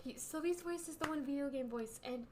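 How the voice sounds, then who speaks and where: A woman's voice: high-pitched, a little fast, background noise. A young woman co-hosting a podcast in casual chat, teasing and correcting her sister. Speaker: podcast co-host.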